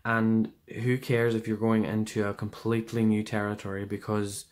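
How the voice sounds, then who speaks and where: A man's voice: fairly low pitch, monotone, moderate pace. A man giving a casual pick-a-card tarot reading, rambling and hesitant, with many fillers and restarts. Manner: rambling and hesitant, full of fillers and self-corrections.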